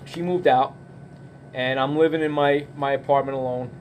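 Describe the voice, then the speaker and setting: A middle-aged man at a bar telling a casual story in an animated, profane way, acting out the quotes. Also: mid-range voice, moderate pace, slight background noise.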